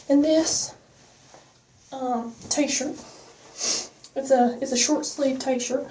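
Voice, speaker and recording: A woman's voice: high voice, steady tone, slow pace, long pauses, dark tone, distant mic, a little hiss or hum. A woman vlogger chatting casually while getting ready, rambling and self-mocking, slipping into a mock country accent. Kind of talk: casual get-ready-with-me chat.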